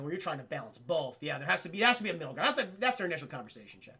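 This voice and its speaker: Man reviewing a film live, chatty and profane, gravelly voice, bright tone. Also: high-pitched, very animated, rapid-fire, hardly any pauses. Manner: chatty, profane, laughs often, addresses chat. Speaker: film reviewer streaming to chat. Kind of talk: casual spoken film review.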